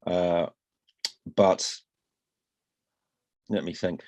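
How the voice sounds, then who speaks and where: A middle-aged man from Hull with a slight northern accent and flat vowels, chatting as an interview guest in a rambling, self-deprecating way. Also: sits low, extremely slow, dull audio. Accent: slight northern English, flat vowels. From Hull, England. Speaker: guest, newspaper columnist. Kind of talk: casual interview chat.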